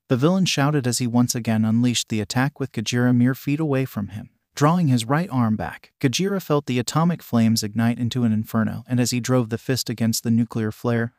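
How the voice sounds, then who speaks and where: A man reading an action fan story aloud in steady, scripted storytelling. His voice sits at a middle pitch for a man, recorded dry and close with no room sound. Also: dry recording. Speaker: narrator.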